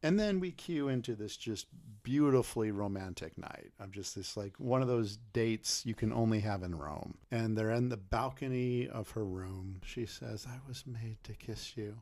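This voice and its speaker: A man co-hosting a podcast, casually recapping a movie's plot and slipping into quick quotes of the characters. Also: on the low side, a little mellow. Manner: chatty, retells scenes with quick voiced quotes. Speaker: podcast co-host.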